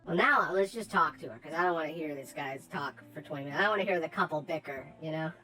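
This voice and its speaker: A woman's voice: low voice, fast talker, bright, forceful tone, soft background music. Sarcastic woman playing a tabletop game. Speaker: player.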